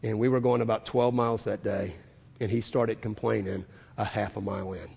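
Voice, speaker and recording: A man preaching a sermon, moving from hushed asides to loud, emphatic declarations with drawn-out stressed phrases. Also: fairly low pitch, fairly even intonation, vocal fry. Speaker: pastor. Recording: long hall reverb.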